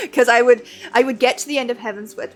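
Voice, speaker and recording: Chatty woman streamer, higher voice. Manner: chatty and rambling, laughs often. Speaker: game streamer. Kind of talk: casual chat while gaming.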